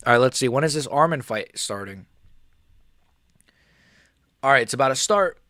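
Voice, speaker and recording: A man hosting a casual live stream, chatting with viewers in a loose, rambling way. His sentences are full of fillers and restarts. His voice sits at an ordinary middle pitch and sounds dry and close, with no room echo. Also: animated, normal speed, long pauses, fairly bright tone. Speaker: livestream host reading chat.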